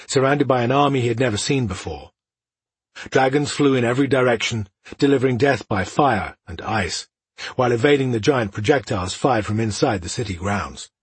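Guy reading a fantasy audiobook, husky breathy voice, dry close sound, steady pace. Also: mid-range voice, brisk, no echo. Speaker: audiobook narrator. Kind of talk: scripted fantasy narration.

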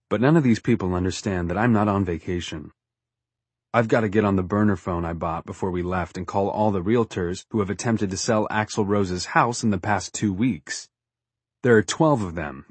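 Husky man narrating a story with dry wit. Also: lowish voice, no echo. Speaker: audiobook narrator. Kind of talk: scripted first-person narration.

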